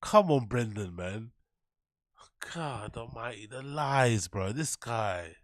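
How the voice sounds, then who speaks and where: A man hosts a reaction show, picking apart a clip with sneering sarcasm and a steady stream of profanity. His voice sits at a middle pitch, recorded dry and close with no room sound. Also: slow, dry recording. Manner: mocking, sarcastic, swears a lot. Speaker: commentary show host. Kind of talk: reaction commentary.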